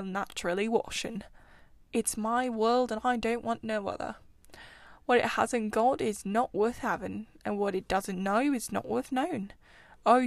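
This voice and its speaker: A woman's voice: a little high, dry recording, close to an everyday voice. A woman voicing a self-assured male water rat who loves his river, talking in a confident, chatty and somewhat guarded way. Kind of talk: storybook reading.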